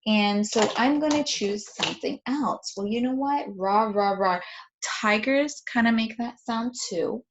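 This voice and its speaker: A woman's voice: fairly high pitch, unhurried, few pauses. A woman explains play stages to parents in a patient, instructional voice, walking through each step. She demonstrates with toys as she goes, sometimes growling like an animal. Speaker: parenting educator. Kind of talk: instructional talk with toy demonstration.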